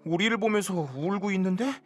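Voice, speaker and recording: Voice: mid-range voice, rapid-fire, slightly rough, faint music behind, lightly acted. A voice actor playing a blunt young man in a story game, talking casually. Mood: puzzled.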